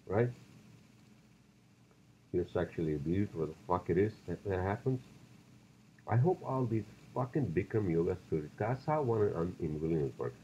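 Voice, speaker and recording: A low, gravelly male voice with a dark, mellow tone, running a solo podcast in a loose, profane, ranting way. The recording is dull and lo-fi, with a faint hiss behind him. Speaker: podcast host.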